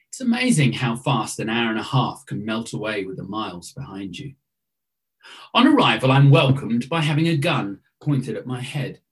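A man giving a devotional talk, reading aloud a personal reflection he wrote, with reflective storytelling that drops to hushed, trailing phrases and then rises to sudden loud emphasis. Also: a little high.

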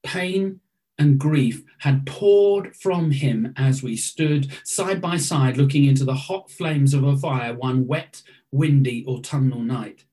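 A man giving a devotional talk, reading aloud a personal reflection he wrote, with reflective storytelling that drops to hushed, trailing phrases and then rises to sudden loud emphasis. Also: medium pitch, takes it slowly.

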